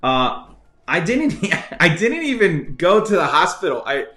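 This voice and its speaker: A man's voice: fairly high pitch, sing-song, unhurried, sharp tone. A man hosting a live-streamed trivia game show who tells stories in a rambling, chatty way with many fillers and restarts. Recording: echoey room with faint music.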